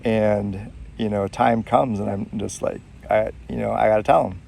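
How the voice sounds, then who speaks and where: A man telling a personal story in casual speech, halting and reflective, with frequent pauses. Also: fairly low pitch, steady tone, vocal fry, darkish tone. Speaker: storyteller sharing personal faith experiences.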